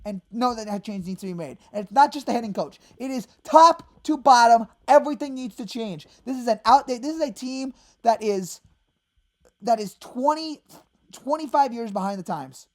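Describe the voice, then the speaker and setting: A woman hosting a fan channel, ranting in exasperation about her team and breaking into sudden shouted outbursts. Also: on the high side, animated, normal speed. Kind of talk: angry fan rant.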